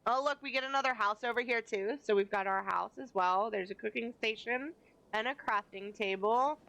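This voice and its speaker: A woman's voice: fairly high pitch, normal speed, creaky, fairly bright tone, rough recording. A woman live-streaming a game from a home setup, chatting casually with playful, self-deprecating asides.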